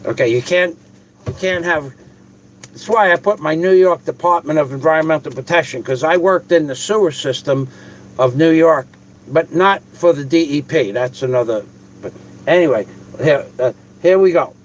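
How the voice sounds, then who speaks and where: A man in his own home vlog, rambling and profane as he talks straight to his audience. His voice sits a little high for a man, with a faint hiss of noise under it. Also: normal speed, rough recording. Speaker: video host.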